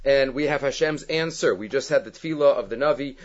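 A man's voice: mid-range voice, a little fast. A man teaching a verse-by-verse scripture lesson. He works Hebrew terms into his English explanation and acts out the lines he quotes. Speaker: Torah teacher. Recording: dull lo-fi recording.

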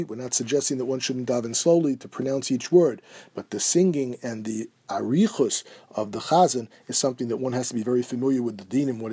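Husky man giving a steady halachic lecture. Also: mid-range voice. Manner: steady explanatory, mixing Hebrew quotes with English. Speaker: Torah teacher.

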